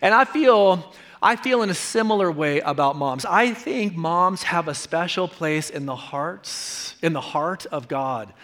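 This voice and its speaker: Pastor, male, higher voice, earnest conversational sermon delivery with frequent repetition. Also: expressive, a little slow, fairly bright tone.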